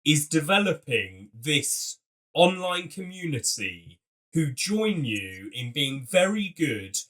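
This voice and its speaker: Man, podcast host, enthusiastic, playful, bright tone, a bit off-mic. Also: a little high, very animated, slow, distant mic. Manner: upbeat, enthusiastic, playful segues. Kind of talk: casual interview chat.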